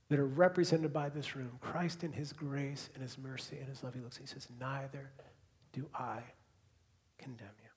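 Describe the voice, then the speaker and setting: A man preaching a sermon to a congregation in a church hall, moving between hushed, quiet repetitions and loud, emphatic bursts. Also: medium pitch. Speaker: pastor.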